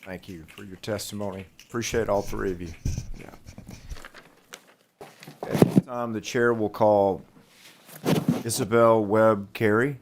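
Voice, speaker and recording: Male committee chair, very low voice, easygoing procedural talk. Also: a little slow, pauses often, a little hiss or hum. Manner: relaxed, informal procedural talk. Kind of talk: chairing a hearing. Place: legislative hearing room.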